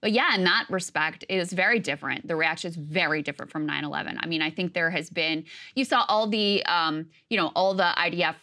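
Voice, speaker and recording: Woman, news co-host, bright tense tone, lowish voice, measured and reflective. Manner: measured, thinking aloud with hedges. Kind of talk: political news discussion.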